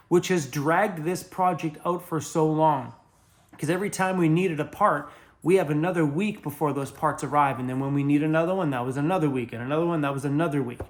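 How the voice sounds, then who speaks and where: A young adult man from Canada chatting casually to camera in an upbeat vlog, laughing often. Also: on the high side. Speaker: van life vlogger.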